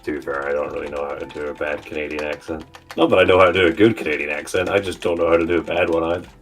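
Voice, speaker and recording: A man's voice: rumbling low, fairly even intonation, very fast, slight background noise. A Scottish man in casual chat as a stream co-host, swearing freely and trailing off mid-sentence.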